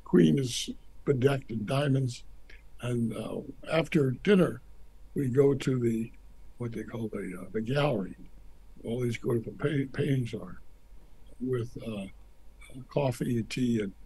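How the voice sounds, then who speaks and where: A man's voice: medium pitch, unhurried, creaky, pauses often, a little hiss or hum, low-quality recording. An older American man, a former ambassador, telling anecdotes in an interview and acting out the people he quotes. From United States. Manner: animated storyteller acting out quotes.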